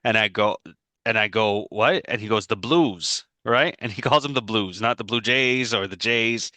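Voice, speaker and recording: A podcast co-host speaks in a bright, forceful, lowish voice, telling a rambling story in casual chat and breaking into laughter easily. Recorded close over a video-call mic, he sounds dry, with no echo and no room around him.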